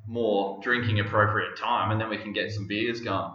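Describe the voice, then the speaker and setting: A man's voice: lowish voice, little pitch movement, moderate pace, crowd noise. A young Australian man hosting a fitness podcast in a loose, joking, rambling way. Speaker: podcast host and fitness coach. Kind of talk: casual podcast chat. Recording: echoey room, dull lo-fi sound.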